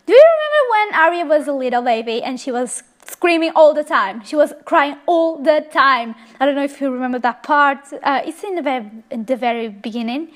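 A young woman of Korean native tongue, hosting a life-sim let's play with excitable, gushing commentary full of fillers. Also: sits high, brisk, few pauses. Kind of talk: casual gameplay commentary.

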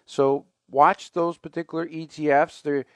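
A man's voice: a little high, little pitch movement, measured pace, fairly bright tone, no echo, studio quality. A man hosting a finance radio show, talking casually and conversationally with fillers and asides.

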